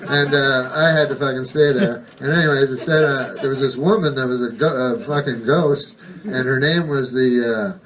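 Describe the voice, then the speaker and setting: A man doing stand-up comedy in a deadpan, rambling way, halting on ums and uhs and swearing often. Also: mid-range voice. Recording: distant mic with background noise.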